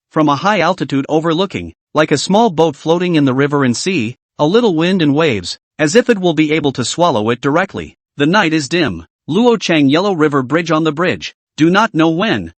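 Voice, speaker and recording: A male narrator reads a story recap in a steady, scripted way, his pitch a little high and swinging in a lively way. The sound is close and dry, with no room around it. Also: dry recording.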